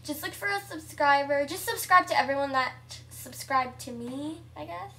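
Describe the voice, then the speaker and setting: A young girl giving casual, chatty commentary over her own gameplay at home, excitable and shrieking at surprises. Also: high-pitched, moderate pace, distant mic. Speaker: gameplay vlogger.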